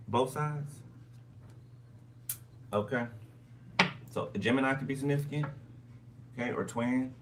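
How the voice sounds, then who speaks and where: A man giving a casual tarot reading, musing aloud and repeating phrases with frequent "okay?" checks. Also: lowish voice. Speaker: tarot reader. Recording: distant mic with background noise.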